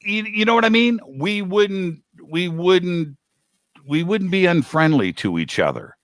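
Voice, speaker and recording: A man's voice: high-pitched, big pitch swings, measured pace, a bit bright, no room sound, clean studio sound. A man talking as a guest host in a casual chat, rambling and laid-back, with a slangy manner.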